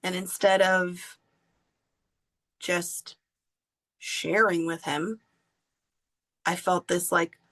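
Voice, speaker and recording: A woman podcast host telling a personal story in an earnest, confessional way with drawn-out pauses. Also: fairly low pitch, little pitch movement, a bit bright.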